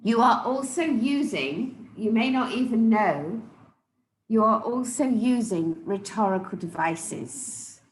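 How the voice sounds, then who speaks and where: A woman coaching public speakers live, emphatic and deliberate, often repeating key words for stress. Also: fairly high pitch, reverberant, poor audio. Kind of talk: live speech evaluation to an audience.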